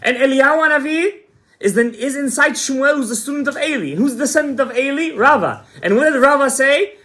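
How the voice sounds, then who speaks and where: A man's voice: very high-pitched, lively intonation, fairly quick, a bit bright. A man rabbi telling a story to a class, asking the room questions and answering them himself. He drops Hebrew terms into the telling and acts out the dialogue as he goes. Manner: retells scenes with quoted dialogue, sprinkled with Hebrew terms.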